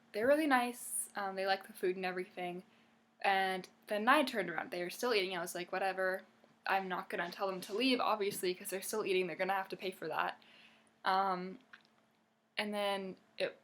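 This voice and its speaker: A woman's voice: mid-range voice, a bit bright. A young woman and waitress telling a story to her camera in a casual, exasperated rant, swearing freely. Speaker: vlogger, waitress.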